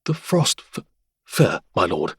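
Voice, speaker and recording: Male narrator voicing nervous young butler: high, stammering, excitable, audiobook. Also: takes it slowly, gravelly, breathy edge, no echo, clean studio sound, full character voice.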